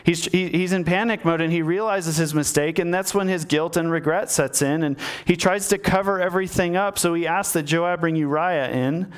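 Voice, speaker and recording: With a clear, resonant, somewhat high voice, this preacher talks at a normal speed and barely pauses. He speaks to his audience directly, storytelling conversationally and voicing each character.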